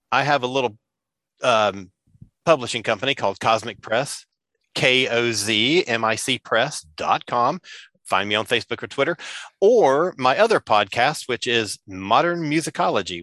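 A man's voice: mid-range voice, bright, forceful tone, dry recording. A man co-hosting a podcast, chatting casually and retelling favorite scenes with enthusiasm. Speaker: podcast co-host.

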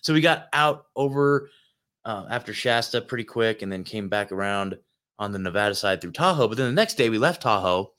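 A man's voice: lowish voice, animated, a little fast, fairly bright tone. A man hosting his own show, telling a road-trip story in a loose, rambling monologue full of filler words and swearing, recorded in a hotel room. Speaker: host.

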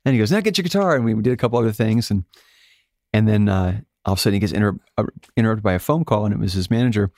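Racing through his tale, a low-voiced Alaskan musician appears as a guest in a laid-back interview, springing into high-pitched voices whenever he quotes other people. The audio is dry and close-up, without any echo or sense of a room.

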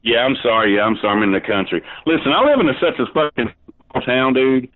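A man's voice: medium pitch, expressive, fast, dry recording. A drunk man on a phone call, rambling and swearing constantly as the target of a prank call. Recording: tinny phone line.

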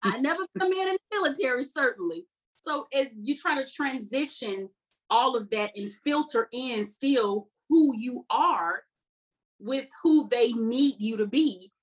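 A woman's voice: high-pitched, animated, a little slow, husky, poor audio. A woman in her thirties, an army veteran guest, telling her story candidly with an earnest, self-mocking manner. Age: 30s. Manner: earnest, reflective, laughs at herself.

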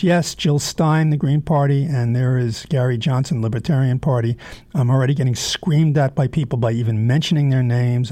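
Male host, blunt commentary, lots of "uh"s, mellow tone, close and dry. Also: medium pitch, dry recording. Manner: halting, many fillers, frank and blunt. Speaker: show host. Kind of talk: opinionated political commentary monologue.

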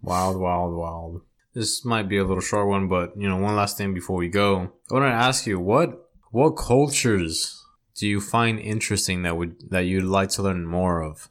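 A young man co-hosting a casual podcast, telling a story in a relaxed way with lots of like and you know. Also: deep voice, moderate pace. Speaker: podcast co-host. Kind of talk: casual chat.

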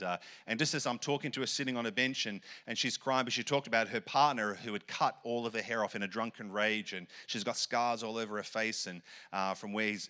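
A man's voice: mid-range voice, bright, forceful tone. An Australian man preaching a sermon, telling stories in a rambling, conversational way with many restarts. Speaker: pastor.

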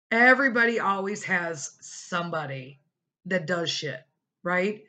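A middle-aged woman hosting a podcast, telling a personal story casually and animatedly, acting out what other people said. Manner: animated, acts out quoted people with big pitch jumps. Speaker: podcast host.

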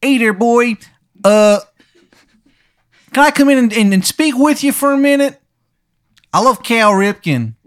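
A man putting on a shrill fake Maryland drawl. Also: expressive, drawn-out words, pauses often, fairly bright tone, smooth, heavily acted. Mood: pushy, chummy. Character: man doing a bad high Maryland accent, pushy.

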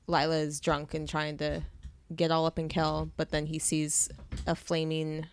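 A woman co-hosting a casual book chat, briskly summarizing the plot with frequent reactions. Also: sits low, monotone, gravelly, a little hiss or hum. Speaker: podcast co-host.

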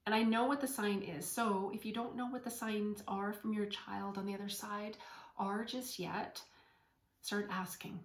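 A woman talks gently in a spiritual podcast monologue and at times sinks into a soft whisper. Her voice sits in a middle pitch. The room around her sounds roomy, with an audible echo. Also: fairly even intonation, measured pace. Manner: gentle, storytelling, drops to whispers. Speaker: podcast host and medium.

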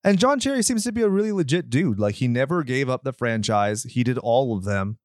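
Joking podcast host, dry close sound. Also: male voice, mid-range voice, lively intonation, brisk, no room sound. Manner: joking, sarcastic banter. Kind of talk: casual chat.

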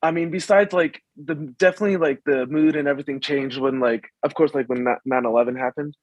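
Halting young man, dull lo-fi sound. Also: on the high side, steady tone, dry recording. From suburbs of Washington, DC. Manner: halting, full of "like" fillers and restarts. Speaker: guest. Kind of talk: casual conversation.

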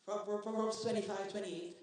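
A high-pitched man with a Trinidadian accent preaches a passionate sermon, calling on the congregation to respond. His voice rings through a big, echoing church hall with a long reverb tail, and he sounds far from the microphone. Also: steady tone, brisk, a little mellow. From Trinidad and Tobago. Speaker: guest preacher.

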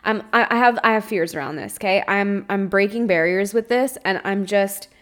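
This young podcast host and spiritual coach has a mid-range, slightly bright voice and talks at normal speed. In her candid solo monologue she opens up emotionally about her fears at length, reaching for words and swearing freely.

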